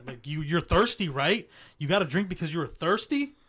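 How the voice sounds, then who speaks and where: Podcast co-host, man, very expressive pitch, quick to laugh, swears casually. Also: husky. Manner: animated, laughs often, swears. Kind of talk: casual chat.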